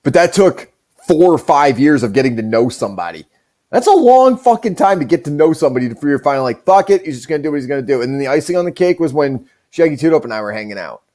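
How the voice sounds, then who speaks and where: A man's voice: fairly high pitch, big pitch swings, quick pace, mellow. Profane, rambling male podcast host. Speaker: show host. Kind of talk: casual podcast chat.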